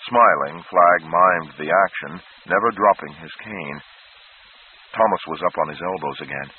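Male audiobook narrator, low, husky, measured and dramatic. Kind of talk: scripted fantasy narration. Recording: tinny phone-like sound.

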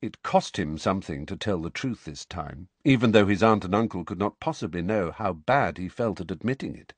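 A man narrating a story in an expressive, lively reading. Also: low-pitched, a little fast, no room sound. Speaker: audiobook narrator.

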